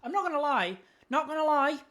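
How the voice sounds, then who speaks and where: A man's voice: very high voice, lively intonation, brisk, sharp tone. A man, co-hosting a podcast in crude, joking casual chat. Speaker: podcast co-host.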